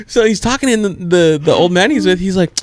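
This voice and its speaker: Animated slangy man telling stories. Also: high-pitched, brisk. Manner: animated slangy storyteller, acts out quoted people. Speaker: podcast co-host. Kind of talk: casual chat.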